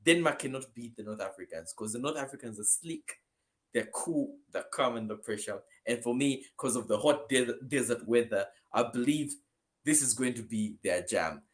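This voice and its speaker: A man from Zambia, co-hosting a casual football prediction chat over a video call. He speaks energetically and emphatically, swinging between loud bursts and softer asides. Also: mid-range voice, moderate pace. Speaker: co-host.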